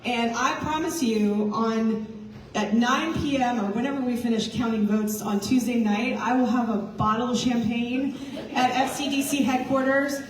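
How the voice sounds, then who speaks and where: A woman's voice: on the high side, fairly even intonation, normal speed. A woman party chair, tired from little sleep, talking casually to a crowd in a rambling, self-mocking way and laughing between thoughts. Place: large indoor meeting room with a crowd. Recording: echoey hall, voice from far off.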